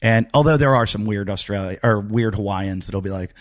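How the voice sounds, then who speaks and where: A man's voice: lowish voice, a little fast. A man hosting a podcast, telling rambling stories in a casual, laughing way during an interview. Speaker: podcast host.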